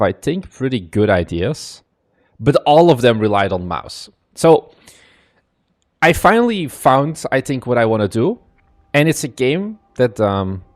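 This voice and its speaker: A man's voice: mid-range voice, no room sound. A young man from Belgium with a strained, partly lost voice, chatting casually on a live stream as a game developer, greeting viewers by name and rambling.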